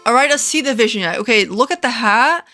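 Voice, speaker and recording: A woman from the Netherlands, chatting casually as she reviews game outfits, quick to react with dramatic mock outrage. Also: fairly high pitch, expressive, pushed and bright, soft background music. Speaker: gaming content creator.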